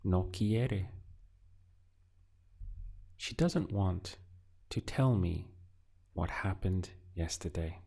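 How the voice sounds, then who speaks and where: A man teaching beginner Spanish in a slow, patient lesson, prompting the listener and pausing for answers. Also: sits low, gravelly, dark tone, husky. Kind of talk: audio language lesson.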